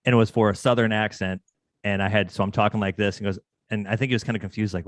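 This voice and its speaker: A man's voice: lowish voice, quick pace, no echo. Chatty podcast host man, dry sound. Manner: chatty, animated storytelling. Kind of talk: casual podcast interview.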